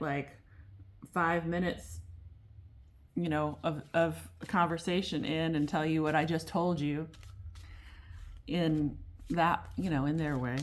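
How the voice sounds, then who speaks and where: A woman giving a casual tarot reading at a table, talking in a rambling, chatty way full of fillers and restarts. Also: fairly low pitch. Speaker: tarot reader. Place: at a table at home.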